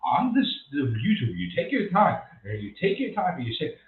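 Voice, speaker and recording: A man's voice: a little high, huge pitch swings, moderate pace. A man hosting an unscripted livestream, rambling and ranting and repeating himself as he goes. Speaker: livestream host. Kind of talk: unscripted live-stream monologue. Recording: tinny echoey phone-like sound.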